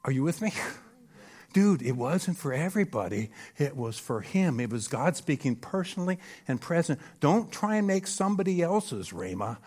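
Male preacher, lively sermon delivery, punchy rhetorical check-ins with a live congregation. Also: fairly high pitch, normal speed, breathy edge. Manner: animated and emphatic, with frequent rhetorical "Hello?" checks. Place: church stage before a live audience.

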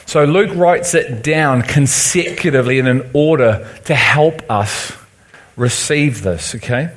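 A man's voice: mid-range voice, unhurried. A man with a Liverpool accent preaching a teaching sermon and often checking in with his listeners. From Liverpool, England. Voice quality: conversational, asks the room for agreement.

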